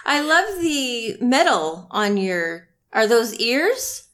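A woman's voice: a little high, sing-song, slow pace, fairly bright tone, heavily acted. A woman voicing a cheerfully blunt adventurer in a tabletop game, speaking with playful, sweet tactlessness. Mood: teasing.

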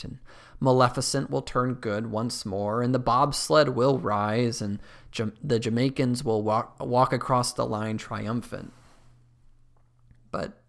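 A man preaching a sermon as pastor, earnest, dropping to a hush at dramatic moments. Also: mid-range voice, creaky.

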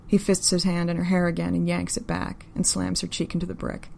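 A woman narrating a story in an even, unhurried, deadpan reading style. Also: on the low side, vocal fry, a little hiss or hum.

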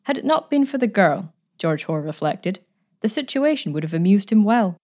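A woman narrating a story aloud in a measured, even way. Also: mid-range voice.

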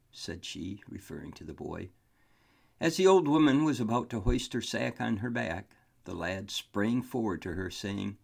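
A man reading a story aloud, his narration calm, measured and earnest. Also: fairly low pitch, vocal fry.

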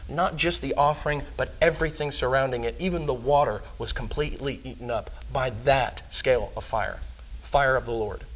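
Emphatic man preaching a sermon. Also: on the high side. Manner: earnest, emphatic, rising loud on key points.

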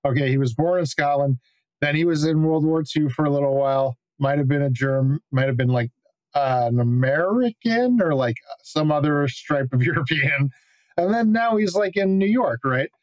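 Man, slightly higher voice, swearing, laughing, casual film chat, dry sound. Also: moderate pace, no room sound. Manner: profane, laughing, animated storytelling. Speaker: podcast co-host.

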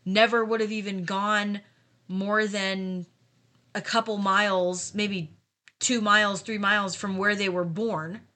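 Woman, bright forceful voice, podcast co-host, thoughtful explainer. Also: medium pitch, little pitch movement, measured pace. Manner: thoughtful, explanatory, asks listeners to imagine. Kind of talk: casual Bible discussion podcast.

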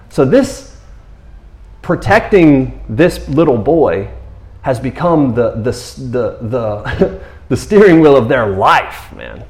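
A man's voice: medium pitch, animated, measured pace, a little mellow. Casual preaching man in an echoey room. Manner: casual, conversational preaching with playful acted-out quotes. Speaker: pastor. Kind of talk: sermon.

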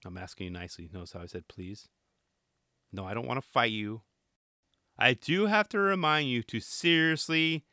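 Man with a sharp, bright voice. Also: medium pitch, moderate pace, no echo, studio quality. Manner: chatty and rambling, with joking asides. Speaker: reaction commentator. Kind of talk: casual reaction commentary.

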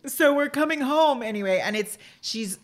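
A woman's voice: high voice, lively intonation, moderate pace. A woman in her thirties, a podcast co-host and mother, chatting casually and telling family stories with lots of "like" and laughter. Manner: chatty, laughing storyteller with many fillers. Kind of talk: casual chat.

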